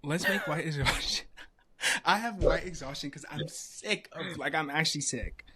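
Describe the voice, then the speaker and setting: A man in casual podcast talk with a slightly raised pitch. He speaks bluntly and heatedly, often slipping into mocking impressions of other people. The talk stays loose and conversational. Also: normal speed, a crowd in the background. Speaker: podcast co-host. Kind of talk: casual chat.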